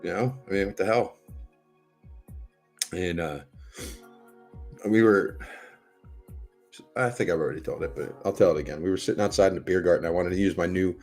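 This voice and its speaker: A middle-aged American man with a low, deep voice chats loosely to his stream audience. He wanders from story to story and swears freely, while faint music plays under him. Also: normal speed, pauses often, darkish tone. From United States. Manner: rambling, profane, chatty storytelling. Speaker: livestream host. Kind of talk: casual chat to a live audience.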